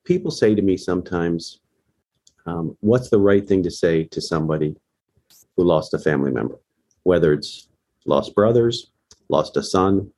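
A man's voice: deep voice, expressive, moderate pace, pauses often, a little mellow. A middle-aged man, a bereaved father, speaking earnestly and emotionally as a podcast guest. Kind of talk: podcast interview.

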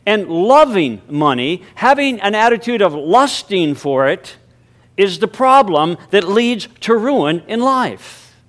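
Man preaching with emphatic, drawn-out stresses. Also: high voice, sing-song. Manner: hushed, reverent prayer voice. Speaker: pastor. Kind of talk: sermon; spoken prayer.

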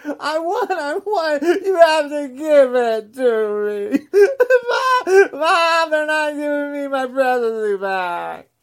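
A woman's voice: high-pitched, expressive, slow pace, pitched above the performer's own voice, full character voice. A woman in her sixties putting on a whining, sobbing grown man who acts like a crybaby. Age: 60s. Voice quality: blubbering, sobbing whine.

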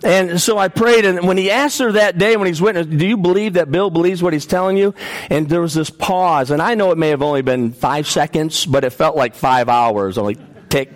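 Guy preaching a sermon, kinda high voice, earnest, keeps restarting words. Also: moderate pace. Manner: earnest, repeats and restarts words, animated storytelling. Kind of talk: sermon with personal testimony.

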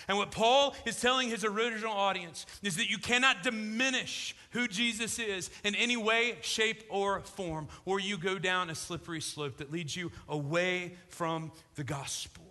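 A man's voice: high-pitched, normal speed, few pauses, bright, forceful tone, big-room sound. A male pastor preaching an emphatic sermon with rhetorical asides.

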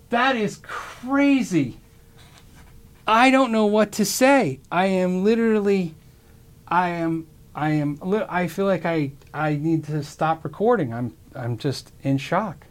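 A man with a notably high-pitched voice hosts his own show in loose livestream chat. He talks excitably, stammers and often breaks off to restart his sentences. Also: slow pace, long pauses. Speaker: show host.

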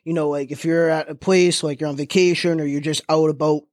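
A man's voice: a little high, steady tone, fairly quick, darkish tone, no echo, clean studio sound. A man with a Boston accent chatting on a podcast panel, hesitant and full of fillers. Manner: hesitant, filler-heavy, says "like" a lot. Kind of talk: casual panel chat.

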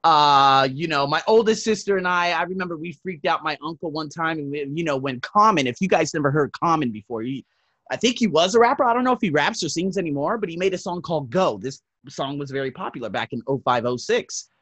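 A man hosting a self-help podcast, telling casual stories with swearing and laughter, swinging between loud and soft. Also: a little high, animated, a little fast, no echo. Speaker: podcast host. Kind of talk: casual storytelling monologue.

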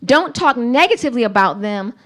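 High-voiced woman preaching a sermon. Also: animated, a bit bright. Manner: earnest, emphatic, slow deliberate phrasing.

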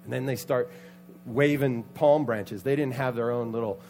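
A man preaching a sermon, telling a Bible story with lively acted-out voices and sudden loud outbursts. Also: mid-range voice, moderate pace, soft background music. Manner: animated, acts out the characters' voices with loud outbursts. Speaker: pastor.

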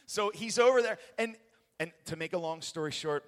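A man from the United States giving an excitable, rambling sermon testimony in a church, laughing often and getting passionate. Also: fairly high pitch, fairly quick. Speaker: guest preacher giving a testimony. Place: church sanctuary. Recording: long echoey hall reverb.

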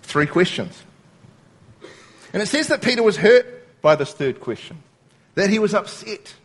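A man's voice: sits high, very animated, a little slow, fairly bright tone, slightly rough. A man preaching a sermon, explaining scripture word by word and quoting lines as he goes.

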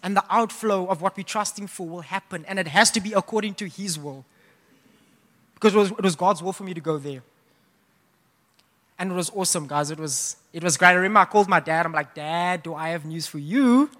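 Young guy preaching, animated casual storytelling, sharp tone. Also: high voice, a little fast. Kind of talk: sermon with personal storytelling. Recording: long hall reverb.

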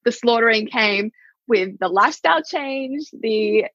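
A woman's voice: fairly high pitch, animated, a little slow, fairly bright tone, no room sound, muffled recording. A woman guest, a showgirl dancer, speaking candidly and reflectively about life on tour. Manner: candid, reflective, laughs often. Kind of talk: casual interview chat.

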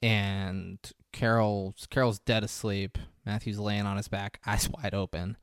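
A man's voice: fairly low pitch, flat delivery, a little slow, clean tone, dry recording, studio quality. A man in a casual podcast chat, retelling a movie's scenes and quoting the characters' lines, often laughing. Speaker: podcast co-host recapping a film.

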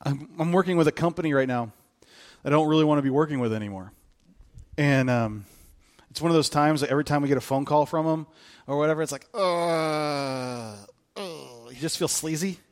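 A man's voice: fairly high pitch, fast. A man in his thirties, a pastor, delivering a conversational sermon full of stories and emphatic repetition. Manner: conversational storytelling with rising excitement and emphatic repetition.

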